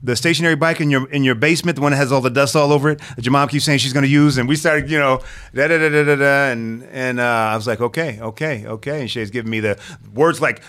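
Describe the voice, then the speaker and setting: A man with a bright, forceful voice spins a long story in a relaxed podcast conversation. He slips into the voices of the people he quotes and keeps the tale moving. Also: medium pitch, fast talker, hardly any pauses. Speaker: podcast guest. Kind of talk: storytelling in casual chat.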